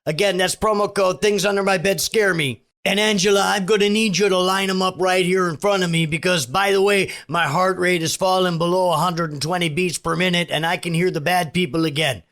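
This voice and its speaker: A man impersonating an unhinged, rambling pillow-selling conspiracy pitchman with a put-on Minnesota accent. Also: fairly even intonation, a little fast, hardly any pauses, fairly bright tone. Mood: manic.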